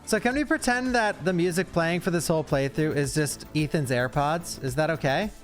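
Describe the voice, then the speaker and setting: A man's voice: a little high, faint music behind. A young man streaming, chatting casually through a reaction to a speedrun with lots of fillers. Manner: chatty, fast asides, frequent fillers.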